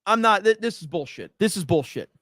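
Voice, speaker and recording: A man with a fairly high voice hosts a casual livestream from a home setup, reading viewer comments aloud. He swears freely and rants with mock outrage. The sound is close and dry, with almost no room echo. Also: very animated, brisk, a bit bright. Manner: profane, ranting and mock-outraged. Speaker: livestream host.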